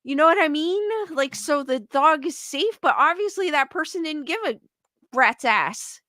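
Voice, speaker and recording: A woman hosts a casual livestream, reading viewer comments aloud and reacting with rambling, incredulous exclamations. Her voice sits high and bright, and it is recorded close and dry. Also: animated, normal speed, no echo. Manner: exclaims in disbelief, rambling and talkative. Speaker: livestream host.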